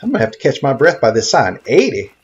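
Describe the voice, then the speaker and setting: A man's voice: mid-range voice, fast, muffled recording. A man playing a naive, bumbling greenhorn hunter and photographer from Tennessee, rambling in a folksy way in comedic game commentary. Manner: rambling, folksy, easily excited. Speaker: gaming video narrator.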